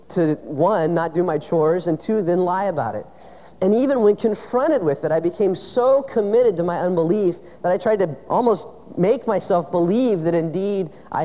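A man's voice: on the high side, dark tone. A man preaching a sermon, telling a personal story in a conversational way with rhetorical questions. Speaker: pastor. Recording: dull sound with long hall reverb.

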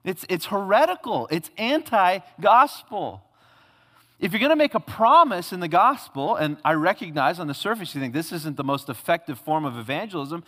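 A male pastor preaching a sermon, emphatic, swinging from loud declarations to hushed tones. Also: high voice, big pitch swings, normal speed. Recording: long hall reverb.

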